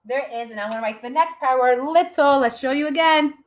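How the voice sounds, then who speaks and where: A kindergarten teacher with a high voice leads a recorded writing lesson over poor audio. Patient and encouraging, she slowly sounds out words, spells them letter by letter, and often checks in with "okay?".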